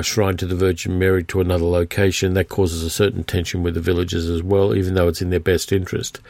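A man with a very low, gravelly voice hosts a film podcast, talking through a movie in a loose, rambling review. He pauses often with fillers and restarts his sentences. The sound is close and dry. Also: a little mellow, no room sound. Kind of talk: casual spoken film review.

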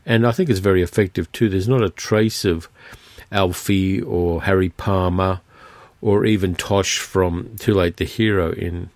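A man with a very low, gravelly voice hosts a film podcast, talking through a movie in a loose, rambling review. He pauses often with fillers and restarts his sentences. The sound is close and dry. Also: fairly even intonation, a little mellow, no echo. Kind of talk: casual spoken film review.

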